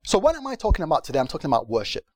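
Animated man preaching a sermon. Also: fairly high pitch, very fast, dry recording. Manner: animated, swings from hushed to loud with rhetorical questions. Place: church gathering.

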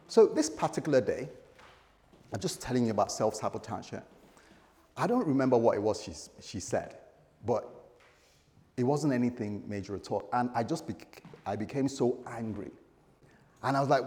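Dramatic storytelling preacher in an echoing hall. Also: male voice, medium pitch, expressive, moderate pace, pauses often, warm tone. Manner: dramatic storytelling with humorous asides. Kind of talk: sermon. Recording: echoey hall.

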